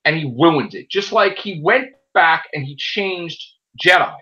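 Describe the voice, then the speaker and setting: A man hosting a casual chat show who rants in an animated way and swears a lot. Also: on the high side, a little slow, muffled recording. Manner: animated, profane ranting. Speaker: podcast host.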